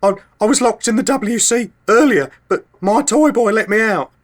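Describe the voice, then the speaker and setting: A man doing a high, dithering confused old lady. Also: moderate pace. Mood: rambling. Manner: dithering, stammering, forgetful. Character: confused, rambling older lady.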